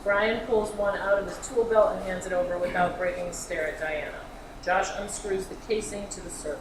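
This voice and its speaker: A woman's voice: lowish voice, steady tone, brisk. A woman reading stage directions aloud at a staged comedy reading, in a matter-of-fact way. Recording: roomy hall, audience noise, far mic.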